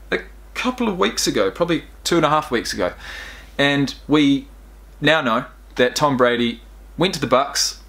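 Young male reaction host, mid-pitched, casual and choked up, chats directly to viewers. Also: a bit bright. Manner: emotional, rambling, talks straight to viewers.

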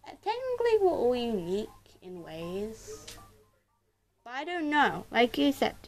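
A woman doing casual let's-play commentary to her viewers, excitable, exclaiming and mildly swearing, recorded on a tablet. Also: fairly high pitch, a little slow. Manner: talks straight to viewers. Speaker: gaming YouTuber.

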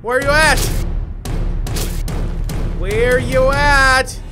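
A man commenting energetically on his own gameplay, often shouting and laughing as he plays. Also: extremely high pitch, fairly even intonation, drawn-out words. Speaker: gaming YouTuber. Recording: music playing behind.

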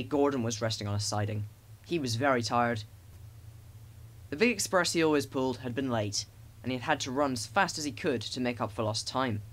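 A man narrating a children's storybook with expressive, animated storytelling. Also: medium pitch. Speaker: audiobook narrator.

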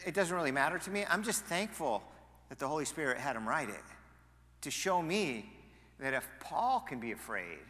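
A male pastor preaching a sermon, animated, moving between loud emphasis and quiet asides. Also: a little high, long reverb tail. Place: church sanctuary.

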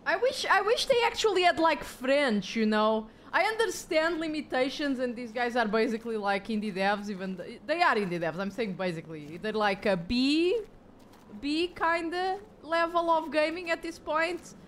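Excitable swearing woman streamer. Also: sits high, normal speed, slight background noise. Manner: excitable, jokey, swears a lot. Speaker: streamer playing a horror game. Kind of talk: casual live-stream commentary.

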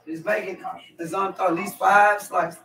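A man's voice: high voice, flat delivery, measured pace, sharp tone, reverberant, distant mic, slight background noise, low-quality recording. A man chatting loosely to his viewers while cooking in his home kitchen. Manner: loose, chatty, talks straight to viewers with lots of "y'all". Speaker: cooking vlogger. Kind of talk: casual cooking vlog chat.

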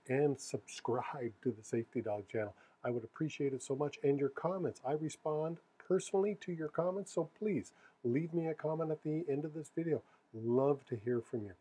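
Husky, mellow-voiced trucking safety man. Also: a little high, low-quality recording. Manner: earnest, emphasizes key words, corrects himself. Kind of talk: casual explainer to camera.

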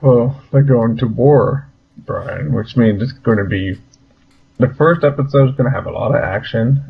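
A man's voice: mid-range voice, measured pace, creaky, slight background noise. A man co-hosting a casual podcast, laid-back and agreeable, rambling a bit. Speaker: podcast co-host. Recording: slightly dull lo-fi podcast audio.

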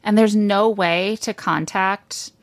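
A woman's voice: mid-range voice, fairly even intonation, slow, dry recording. A woman guest on a podcast, chatting casually and thinking aloud, sometimes stumbling over her questions. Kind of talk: casual chat.

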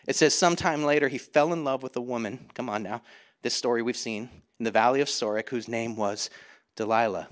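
A man preaching a sermon as pastor, talking straight to the congregation, with sudden drops to a hush and surges to loud emphasis. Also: medium pitch. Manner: dramatic swings between loud and hushed; conversational, addresses congregation directly.

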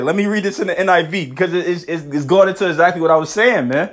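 A man teaching scripture in a casual, excitable way, often adding "man" and "you know", reading verses slowly. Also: high voice. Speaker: bible teacher.

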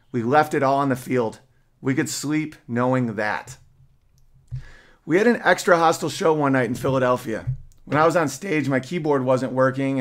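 A man reads his own memoir aloud on his podcast. His voice sits in an ordinary middle register. He tells the story plainly and now and then adds wry side remarks. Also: mid-range voice. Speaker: podcast host.

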